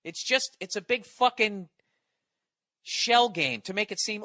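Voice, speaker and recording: A man's voice: high voice, normal speed, sharp tone, no room sound. A man delivering a profane, exasperated comedy rant as a podcast host, often stammering through restarts. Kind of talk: ranting comedy monologue.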